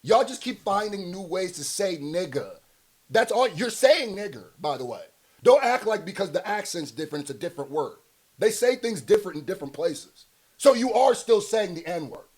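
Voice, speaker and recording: A man's voice: high-pitched, sing-song, normal speed, a little mellow, husky. A man hosting casual reaction commentary, talking bluntly with slang and rhetorical questions and laughing often. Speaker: commentary host.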